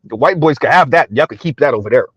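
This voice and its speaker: A man's voice: medium pitch, animated, quick pace, breathy edge, no echo. A middle-aged man hosting a casual livestream, reading chat aloud, loose and colloquial, with frequent chuckles. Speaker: livestream commentary host.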